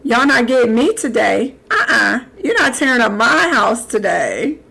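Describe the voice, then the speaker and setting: Young woman streaming a game live, kinda high voice w some fry, chats back at the characters. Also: very animated, normal speed, fairly bright tone. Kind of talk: live gameplay commentary.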